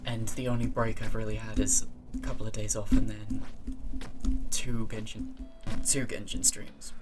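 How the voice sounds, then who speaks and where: Rambling English streamer over loud music. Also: medium pitch, flat delivery, normal speed. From England, Cambridge area. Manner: rambling, swearing, self-interrupting. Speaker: game streamer. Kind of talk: casual gaming stream chat. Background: loud game music.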